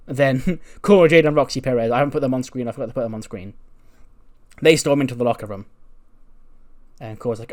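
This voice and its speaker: A man casually narrating a wrestling management game playthrough, animatedly acting out the characters' lines. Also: medium pitch. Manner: animated storyteller, quick voices for characters. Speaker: gaming YouTuber narrating a wrestling sim.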